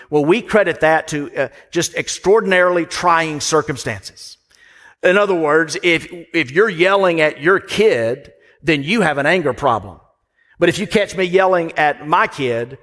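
A man's voice: on the high side, a bit bright. A man delivering a sermon as pastor, conversational and storytelling, with asides to the congregation. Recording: long hall reverb.

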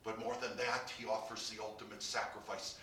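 A man preaching a sermon as pastor, building to emphatic peaks and dropping to quiet, low lines. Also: flat delivery, a little fast, far from the mic, slight background noise. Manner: preaching with rising emphasis and soft drops. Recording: roomy, from off the mic.

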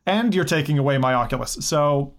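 A man's voice: on the high side, expressive, a little fast. A man co-hosting a casual tech podcast, opinionated and thinking aloud. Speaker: podcast co-host. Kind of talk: casual group chat.

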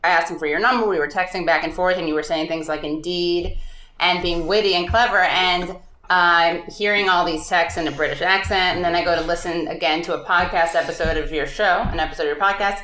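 A woman hosting a podcast who chats casually and teases her guest with quick jokes. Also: fairly low pitch, fairly even intonation, sharp tone, roomy sound. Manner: joking, teasing, quick asides. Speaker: podcast host. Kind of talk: casual interview chat.

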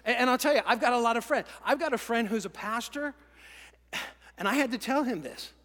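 A man preaching a sermon in an animated way, acting out quoted lines and dropping to a whisper for emphasis. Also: extremely high pitch, fairly quick, big-room sound. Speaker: pastor.

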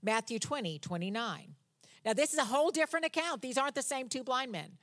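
A woman's voice: high voice, animated, brisk. Woman preaching with dramatic dynamics. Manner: dramatic, rising loud for quoted cries, dropping soft on key words; conversational asides with humor. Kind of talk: sermon, reading and explaining scripture.

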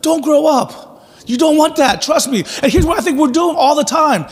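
A male pastor preaching a sermon in a conversational, animated way with acted-out asides, in a church sanctuary. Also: extremely high pitch, normal speed. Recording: long reverb of a large hall.

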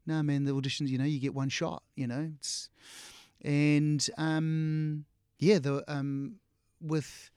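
Speaking slowly in a slightly high, smooth voice, a middle-aged New Zealand actor shares casual stories as an interview guest. He's animated, mimics what people said and laughs often. The recording is studio quality with no room sound.

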